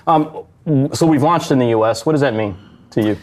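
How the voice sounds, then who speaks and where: A man's voice: medium pitch, brisk. A man hosting a live stage show in front of an audience, upbeat and joking. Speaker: podcast host. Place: event space with live audience. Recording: muffled live recording.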